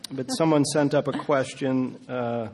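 A man's voice: medium pitch, steady tone, measured pace, a little mellow, a little hiss or hum. A man interviewing an author in front of an audience, joking dryly and stumbling into restarts as he asks his questions. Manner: wry, joking, hesitant restarts. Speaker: interviewer, event host. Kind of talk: conversational interview. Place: live event before an audience. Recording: reverberant hall.

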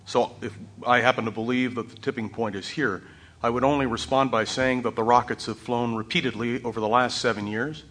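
A man speaking on a panel, blunt and deliberate, pressing his points firmly. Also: mid-range voice, fairly even intonation, fairly bright tone. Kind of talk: panel discussion.

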